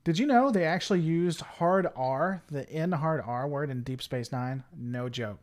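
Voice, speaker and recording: This male livestream host chats casually into a desk microphone, rambling and reading viewers' messages out loud before answering them. He speaks unhurriedly, in a voice on the high side and a little mellow.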